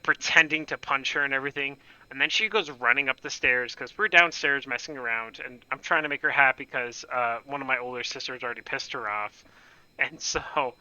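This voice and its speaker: A man's voice: mid-range voice, pushed and bright, smooth, no echo, highs cut off. A young man casually telling a rambling, profane, self-mocking story on his gaming channel.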